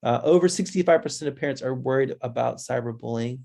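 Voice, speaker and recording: A man's voice: gravelly, mellow. A man presenting a webinar, talking in a conversational, restless way and addressing listeners directly as guys. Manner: conversational, restless, quick changes of pitch when imitating kids.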